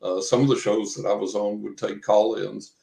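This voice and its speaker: A man's voice: lowish voice, fairly even intonation, normal speed, gravelly, dark tone. An older man, a guest psychic, chatting casually in a folksy, chuckling way and acting out the dialogue he quotes. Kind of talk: casual interview chat. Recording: roomy echo.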